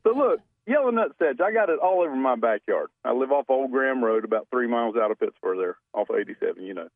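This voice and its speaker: A man rambles through a folksy story as a radio caller. His voice sits at an ordinary pitch. It comes down a dry, tinny phone line. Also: lively intonation, dry recording. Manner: folksy, drawn-out, rambling anecdotes. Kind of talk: storytelling on a call-in show.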